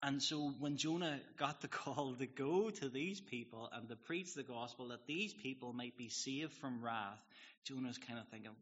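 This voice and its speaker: A man's voice: medium pitch, normal speed, a bit bright, lo-fi sound. A man preaching a sermon as a pastor, earnest and confessional, often putting questions to the congregation.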